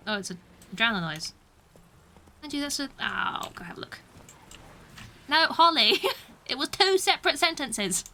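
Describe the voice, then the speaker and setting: A woman's voice: fairly high pitch, sharp tone, a little hiss or hum. A young British woman streaming a game, chatting casually, mocking herself and laughing often. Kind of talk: casual gameplay commentary.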